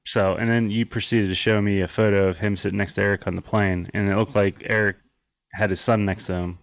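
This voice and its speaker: Easygoing host with a low, dry voice. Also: male voice, level tone, a little fast, dry recording. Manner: brief, easygoing interjections. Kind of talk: casual chat.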